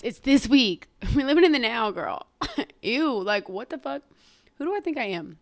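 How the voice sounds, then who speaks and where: A woman's voice: on the high side, lively intonation, moderate pace, dry recording, studio quality. A young woman hosting her own podcast in casual chat, self-mocking, swearing casually and hopping from one topic to the next. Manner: chatty, self-mocking, jumps between topics; swears casually and laughs often. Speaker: podcast host.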